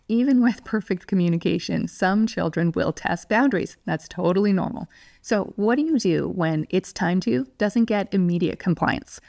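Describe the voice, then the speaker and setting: Calm, clear woman teaching parents. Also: medium pitch, no room sound, clean studio sound. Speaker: parenting educator. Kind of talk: scripted teaching monologue.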